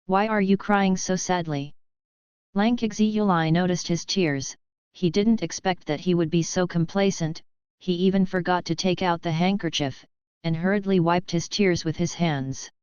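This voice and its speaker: A woman narrating a novel in an even, steady storytelling manner. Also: fairly low pitch, moderate pace, clean tone, no echo. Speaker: audiobook narrator. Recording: dull lo-fi, dry.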